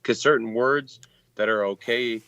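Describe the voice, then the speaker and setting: A man's voice: mid-range voice, measured pace, fairly bright tone, dry recording, lo-fi sound. A man with a Texan accent chatting loosely on a call, swearing freely. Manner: loose, profane, talks over others. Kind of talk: casual chat.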